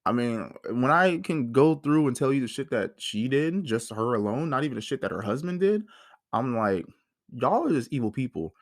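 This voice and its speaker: A man in his thirties telling a personal story as a podcast host, heated and animated, swearing often. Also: mid-range voice, normal speed, no room sound, studio quality. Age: 30s. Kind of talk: casual personal monologue.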